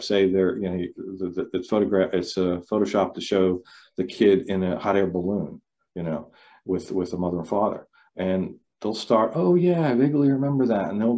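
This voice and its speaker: Lecturer, male, lowish mellow voice, loose delivery with restarts, quizzes his audience over a video call. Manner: loose, repeats words, asks the audience questions. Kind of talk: online talk to a club.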